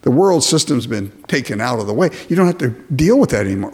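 Animated male preacher with lively pitch. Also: brisk, slightly rough. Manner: animated preaching, mocking imagined complainers in put-on voices. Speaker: pastor. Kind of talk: sermon.

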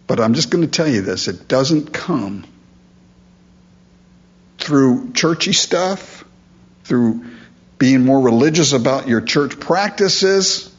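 A man's voice: medium pitch, expressive, slow, pauses often, highs cut off. A man preaching a sermon as pastor, earnest and emphatic, asking rhetorical questions and repeating key phrases.

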